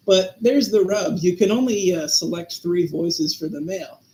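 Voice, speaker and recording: Man with a high voice, echoey room. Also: moderate pace, a little mellow. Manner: thoughtful, rambling with many fillers. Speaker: podcast co-host. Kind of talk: casual chat.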